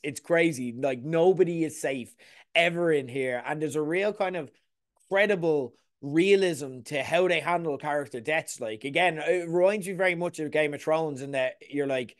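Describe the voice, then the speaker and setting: A man reviewing TV shows in a casual, rambling chat full of asides. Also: on the high side.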